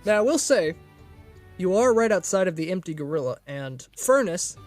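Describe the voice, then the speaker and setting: A man's voice: sits high, big pitch swings, moderate pace, soft background music. A man narrating a tabletop game as game master, in a laid-back, joking way.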